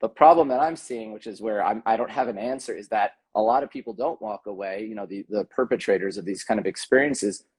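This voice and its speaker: A husky man talks through his ideas in an earnest, thoughtful way. He speaks as a podcast guest in casual conversation, stopping often for an um or a restart. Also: lowish voice, brisk, hardly any pauses, darkish tone. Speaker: podcast guest, tantra coach.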